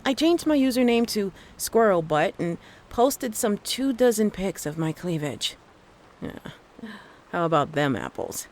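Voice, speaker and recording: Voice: mid-range voice, very animated, measured pace. A narrator reading a first-person scary story, with dry, wry asides. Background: faint thunderstorm ambience.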